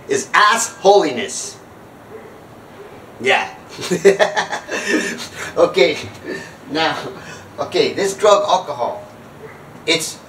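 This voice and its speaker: A man's voice: high-pitched, fairly bright tone, far from the mic, slight background noise, rough recording. A man in his sixties telling a rambling, self-mocking comic story about his past, often breaking off and starting over. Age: 60s. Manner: rambling, self-mocking, jumps back and restarts. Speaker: comedic speaker on sobriety. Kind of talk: comedic storytelling monologue.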